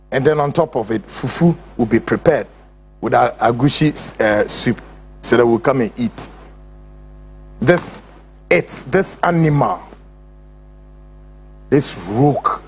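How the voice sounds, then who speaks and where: A man's voice: mid-range voice, animated, measured pace, long pauses, slight background noise. A man with a Ghanaian accent hosting a show, ranting in heated, insulting commentary. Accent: Ghanaian English. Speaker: host.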